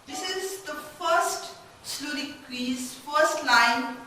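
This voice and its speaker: A woman lecturing on literature, explaining slowly in short halting phrases and putting questions to her class. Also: high-pitched, pushed and bright. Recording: very echoey room, distant mic, faint noise.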